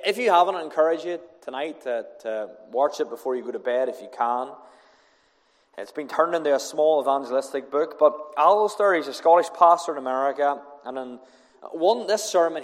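A man's voice: medium pitch, long reverb tail. A man preaching an evangelistic sermon in a church, earnest and emphatic, often repeating phrases.

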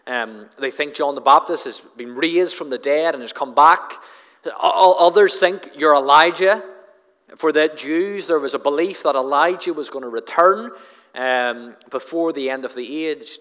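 A man's voice: on the high side, moderate pace, fairly bright tone. A man preaching an expository sermon in an earnest manner, often repeating words as he drives home a point. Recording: long hall reverb.

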